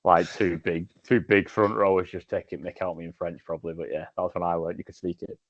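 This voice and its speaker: A man with a very deep voice hosts a relaxed podcast chat and cuts in eagerly with his own stories. His recording is dull and muffled, with a dry, close sound. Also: fairly quick, dry recording. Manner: chatty, jumps in with anecdotes. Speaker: podcast host. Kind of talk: casual podcast conversation.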